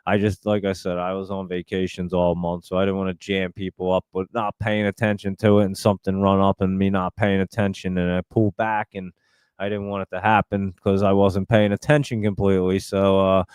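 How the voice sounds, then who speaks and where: A man's voice: sits low, level tone, fairly quick, a little mellow, clear, resonant tone, no room sound, studio quality. A man hosting a live stream, chatting casually and rambling as he reads out and answers viewer comments.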